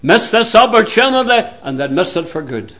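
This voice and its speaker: A man preaching a sermon in a slow, deliberate way, with sudden drops to a hushed voice. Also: high-pitched, big pitch swings.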